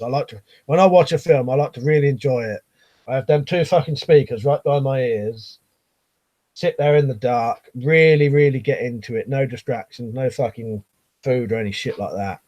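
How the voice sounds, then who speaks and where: A man's voice: medium pitch, darkish tone. A middle-aged man chatting casually on a live stream, reading out viewer comments and rambling, swearing freely.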